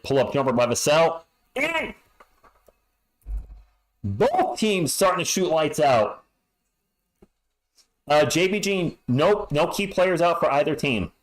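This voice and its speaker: A man doing fan play-by-play on a live stream, excitable and yelling on big plays, into a home streaming mic that clips. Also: medium pitch.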